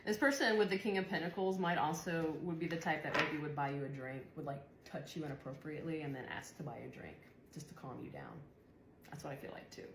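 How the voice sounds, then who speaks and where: Low-voiced woman doing a tarot reading. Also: brisk. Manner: chatty, swears, laughs often. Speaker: tarot reader. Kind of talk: casual tarot reading monologue. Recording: echoey room, faint background noise.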